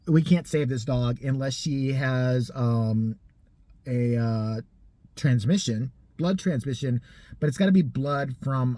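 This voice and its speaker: A tired-sounding person in their thirties tells a rambling, profane story in a casual vlog, staying animated and wandering off on tangents. The voice is mid-range with a breathy edge, and there's no room sound.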